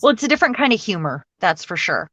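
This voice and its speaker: A woman co-hosting a crafting livestream, chatting in a relaxed way and laughing often, heard over a video call. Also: medium pitch, quick pace, no echo.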